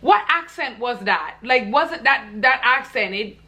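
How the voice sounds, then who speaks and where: Young woman vlogger going off, bright forceful voice, swears a lot. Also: fairly high pitch, animated, a little slow. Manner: blunt, profane, heated. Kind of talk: casual vlog rant.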